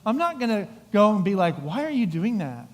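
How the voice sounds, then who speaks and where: Brisk and high-voiced, this middle-aged pastor delivers a sermon in a church sanctuary, where the sound has long hall reverb. He brings the story to life animatedly, performing the characters' voices.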